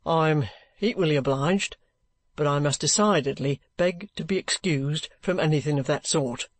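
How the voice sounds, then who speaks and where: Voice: medium pitch, normal speed, no room sound, pitched below the performer's own voice, lightly acted. A reader voicing a bluff former soldier who is under arrest and speaks plainly, politely and stubbornly. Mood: firm.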